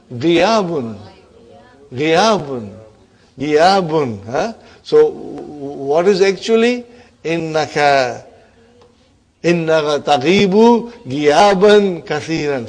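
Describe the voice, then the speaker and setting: A middle-aged male Arabic teacher with a slightly high voice lectures his class in plain, encouraging English. He quizzes the students often and says Arabic phrases slowly and deliberately. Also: a little mellow.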